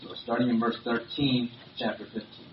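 A man's voice: mid-range voice, flat delivery, brisk. Man preaching in an echoey hall. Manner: conversational with frequent fillers and restarts. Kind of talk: sermon. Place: church or meeting hall. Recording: roomy, distant, dull lo-fi recording with faint hiss.

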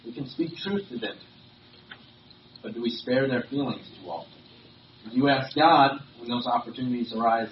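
A man preaching a sermon in a relaxed, conversational manner, often restarting his sentences and filling pauses. He is picked up from a distance in a reverberant hall. The recording is dull and lo-fi, with a faint hiss underneath. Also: medium pitch. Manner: conversational with frequent fillers and restarts. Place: church or meeting hall.

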